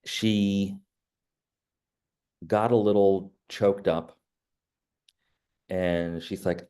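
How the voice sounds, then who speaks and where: Middle-aged male realtor, deep and warm, talky coaching delivery. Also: wildly swooping pitch, takes it slowly, pauses often, clear, resonant tone. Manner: conversational, many "you know" fillers. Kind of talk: training talk with personal stories.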